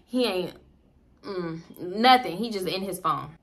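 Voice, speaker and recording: A young woman vlogger telling a personal story in a casual, profane, animated way, laughing often and swinging between loud and quiet. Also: fairly low pitch, measured pace.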